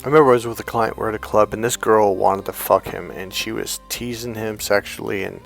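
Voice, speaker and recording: Male dating coach, gravelly voice, blunt and profane, animated storyteller, faint music underneath. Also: lowish voice, brisk. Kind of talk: monologue to camera.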